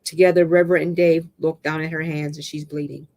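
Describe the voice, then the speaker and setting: Halting storyteller reading a novel. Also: mid-range voice, little pitch movement, a little mellow. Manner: halting reading with restarts and stumbles. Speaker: narrator.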